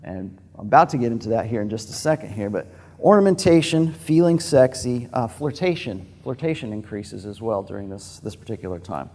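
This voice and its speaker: A man's voice: on the low side, expressive, a little fast, darkish tone. Frank, rambling man lecturing. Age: adult with a daughter. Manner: frank, digressive, loose delivery. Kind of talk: informal lecture to a live group.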